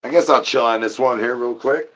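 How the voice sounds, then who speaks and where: A man's voice: medium pitch, fairly quick, a bit bright. A man hosting a livestream, rambling in goofy chatter full of silly wordplay and singsong repeated catchphrases. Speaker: livestream host.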